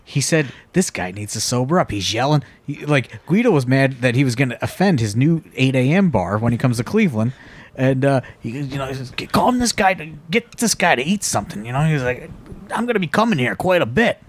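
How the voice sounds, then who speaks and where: A man's voice: mid-range voice, big pitch swings, a little fast. A man co-hosting a podcast, chiming in with stories and side comments in casual chat. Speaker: podcast co-host.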